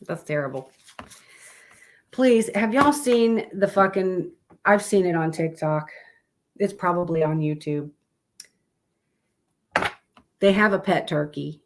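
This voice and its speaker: A woman's voice: on the low side, takes it slowly, long pauses, noisy background. A woman hosting a live stream, chatting casually and rambling as she looks through pictures. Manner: chatty, rambling, with fillers and self-corrections.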